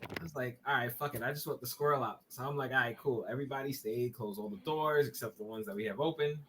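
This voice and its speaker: A man with a New York accent, a podcast guest telling a story from his bedroom over a webcam, animated and swearing, laughing as he goes. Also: medium pitch, fast, a little hiss or hum. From Brooklyn, New York. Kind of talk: casual podcast chat, storytelling. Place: bedroom at home.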